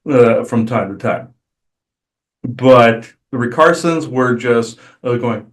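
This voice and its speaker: A man channeling on a spiritual podcast, talking casually and haltingly with many "uh" fillers and restarts. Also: mid-range voice, expressive. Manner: hesitant, many "uh" fillers, rambling.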